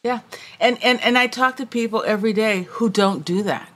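A woman's voice: fairly high pitch, normal speed. A woman hosting a casual conversation, animatedly telling stories and acting out the people in them. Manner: animated storyteller, acts out quotes.

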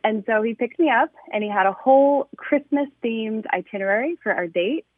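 A woman's voice: on the high side, moderate pace, slightly rough, no echo. A woman calling in to a radio show, telling a story with gushing enthusiasm. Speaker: caller. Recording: tinny phone line.

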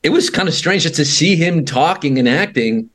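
A man's voice: on the high side, expressive, moderate pace, a bit bright. A man co-hosting a podcast, joking and rambling about a film with frequent restarts. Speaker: podcast co-host. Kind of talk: casual film chat.

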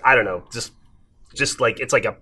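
A man's voice: medium pitch, normal speed, pushed and bright, slightly rough. A man co-hosting a podcast, retelling a funny anecdote in casual chat. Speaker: podcast co-host.

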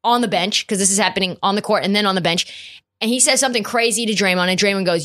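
A woman's voice: medium pitch, fast. Chatty woman telling a story. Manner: chatty, animated storytelling, heavy use of "like", casual swearing. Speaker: podcast host. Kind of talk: casual commentary.

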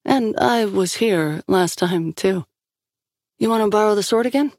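A woman's voice: medium pitch, unhurried, a little mellow, no room sound, pitched above the performer's own voice, natural voice. A woman voicing a dry, no-nonsense woman guarding the team's equipment. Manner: dry, wry.

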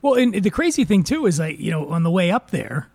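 A man telling a rowdy anecdote in casual chat, gravelly and cursing freely, acting out the quotes. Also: high voice, fairly quick, dry recording. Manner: animated anecdote teller, acts out quotes. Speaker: podcast host.

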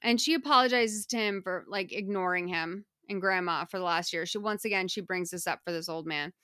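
A woman hosts a podcast and chats through a movie plot, acting out the characters' lines as she goes. Her voice is bright and crisp, and the sound is close and dry. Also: on the low side, brisk, no room sound. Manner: animated retelling, acting out characters' lines, many "like" fillers. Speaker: podcast host. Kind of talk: casual film recap chat.

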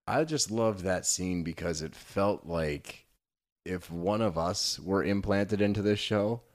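A man's voice: low voice, slow. A man co-hosting a podcast, chatting casually and sarcastically, swearing freely. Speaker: podcast co-host. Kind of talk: casual chat recapping reality TV.

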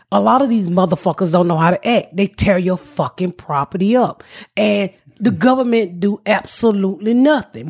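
A woman's voice: mid-range voice, a little mellow, breathy edge. A woman hosting a podcast in casual chat, telling stories in a blunt, profane way. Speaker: podcast host.

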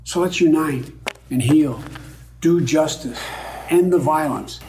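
A man's voice: on the high side, slow, warm tone, slight background noise, low-quality recording. A man giving a formal political statement in an earnest, solemn manner.

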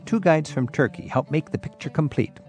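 A man's voice: a little high, brisk, a little mellow, faint music behind. A man hosting a radio travel show, reading a scripted intro and asking guests curious questions. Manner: curious, upbeat interviewer.

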